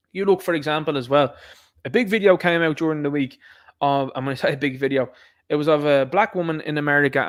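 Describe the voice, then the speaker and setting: A man hosting an opinion podcast, ranting and mocking the people he quotes. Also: on the high side. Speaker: podcast host. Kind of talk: opinion commentary monologue.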